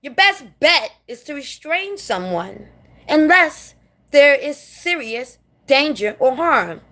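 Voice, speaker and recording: A woman's voice: high-pitched, very animated, slow, fairly bright tone. A woman from New City, ranting bluntly and sassily to camera in a casual monologue, swearing freely. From New York City. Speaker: vlogger.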